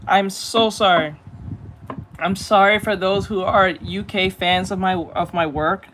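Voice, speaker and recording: A woman from New York reacting to videos with loud, blunt, profane exclamations. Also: mid-range voice, steady tone, unhurried, a little hiss or hum. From United States, New York. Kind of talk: reaction commentary.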